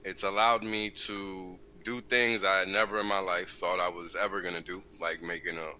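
A man joining a livestream as a guest, speaking earnestly and filling pauses with "um" and "right?". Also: deep voice, level tone, sharp tone, low-quality recording. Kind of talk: casual livestream chat.

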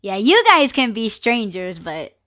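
Hosting her live podcast, this woman rants casually, curses freely and laughs a lot. She speaks unhurriedly in a high, bright, forceful voice that swings widely in pitch.

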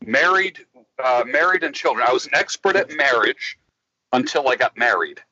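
A man speaking as an interview guest, giving life advice in a slow, emphatic, preacherly way with lots of repetition. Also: mid-range voice, lively intonation, sharp tone, husky, no echo, muffled recording. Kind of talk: interview, motivational talk.

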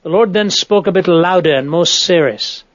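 A man with a fairly high voice reads a nonfiction audiobook aloud. His delivery is measured and earnest, close to the mic on a dry recording with little room sound. The audio is a bit dull and lo-fi. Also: no room sound. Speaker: audiobook narrator.

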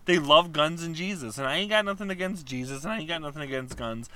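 A man's voice: fairly high pitch, quick pace, dry recording. A man from Wisconsin in casual chat, ranting and telling stories with lots of swearing. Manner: ranting, profane, animated storytelling.

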